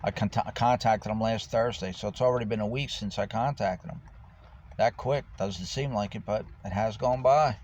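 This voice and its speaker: A man's voice: fairly low pitch, normal speed, darkish tone. A man who is homeless, talking casually to the camera in a rambling, profane way about his life. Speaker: homeless vlogger. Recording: dull lo-fi with faint noise.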